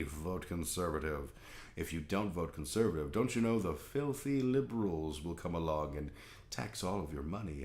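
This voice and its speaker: A man's voice: deep voice, gravelly. A man putting on a preachy male conservative zealot, sermonizing in a mocking, mock-solemn way.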